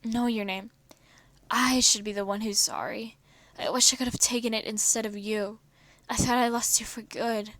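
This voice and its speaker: A woman voicing an anxious, devoted teenage male mutant turtle, speaking quietly and pleadingly in a fan story reading. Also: fairly high pitch, fairly even intonation, moderate pace, no room sound, lightly acted.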